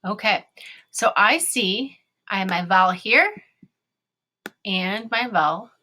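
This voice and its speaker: A woman teacher giving an online phonics lesson to young children, sounding out words slowly and cheering them on. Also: mid-range voice, sharp tone, a little hiss or hum.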